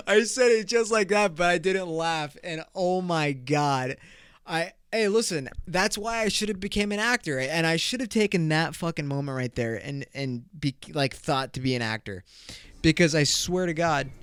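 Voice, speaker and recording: Young guy rambling on his podcast, swears a lot, bit high voice, smooth, dead dry sound. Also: moderate pace, a bit bright, no echo. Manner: crude, rambling, laughs often, swears freely. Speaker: podcast host. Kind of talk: casual solo podcast storytelling.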